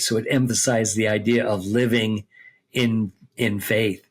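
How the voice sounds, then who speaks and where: A man's voice: fairly low pitch, fairly even intonation, normal speed, breathy edge. A man on a podcast explaining a Bible book step by step, reading passages aloud and checking in with his listener. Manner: explains step by step, reads scripture aloud, checks with "okay?" and "right?". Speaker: seminary teacher on a podcast. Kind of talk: conversational Bible teaching.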